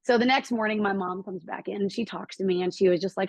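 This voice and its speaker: A middle-aged woman telling a personal story as a podcast guest, acting out quotes with lively jumps in her voice. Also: fast talker, hardly any pauses, no room sound, poor audio. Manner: animated, acts out quotes with lively pitch jumps.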